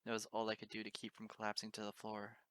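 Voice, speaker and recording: Bright-voiced man reading a story. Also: lowish voice, monotone, fast talker, clear, resonant tone, no echo. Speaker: audiobook reader. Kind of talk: fan fiction audiobook narration.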